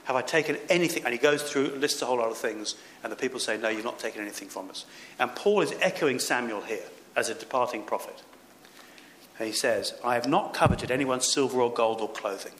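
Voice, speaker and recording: A man's voice: mid-range voice, fairly quick, fairly bright tone. Earnest preaching man in an echoey room. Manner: earnest, emphatic preaching with rising exhortations. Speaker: pastor. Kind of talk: sermon. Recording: echoey room with faint background noise.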